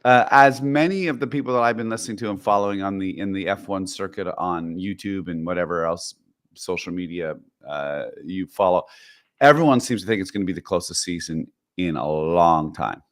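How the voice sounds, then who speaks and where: A man's voice: low voice, fairly quick. A man co-hosting a podcast in casual chat, rambling with restarts and asides. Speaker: podcast co-host.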